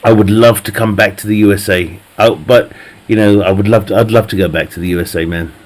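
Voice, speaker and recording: A man's voice: on the low side, fairly even intonation, fast talker. A man live streaming a game, chatting casually with viewers, joking, teasing the chat, laughing often and swearing freely.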